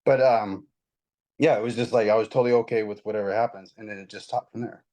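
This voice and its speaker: Man, quick talker, rambling animated storytelling, casual spiritual chat, lots of restarts. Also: fairly low pitch, rough recording. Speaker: guest.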